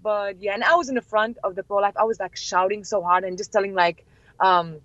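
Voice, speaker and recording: A young woman whose first language is Chaldean tells her stories with real excitement. She laughs often and acts out other people's lines. Her voice sits mid-range over a dull, dry lo-fi recording. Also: mid-range voice, a little fast, no echo. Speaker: guest. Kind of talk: excited storytelling.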